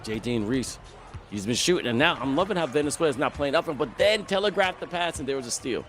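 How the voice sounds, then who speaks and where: A man's voice: on the high side, lively intonation, fast talker, fairly bright tone, a little hiss or hum. A man commentating an esports basketball game, walking through plays and the tournament format. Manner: flowing, explanatory play-by-play with asides.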